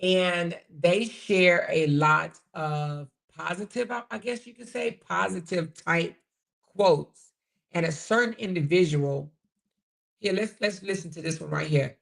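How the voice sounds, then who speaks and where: A woman hosting a casual commentary channel, chatting sassily to her viewers and often pausing to find clips. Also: lowish voice, vocal fry.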